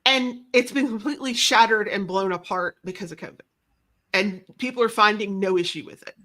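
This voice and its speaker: A woman's voice: medium pitch, brisk, a bit bright. A woman guest talking casually in an interview, rambling and self-deprecating, often restarting her sentences. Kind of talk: casual conversation.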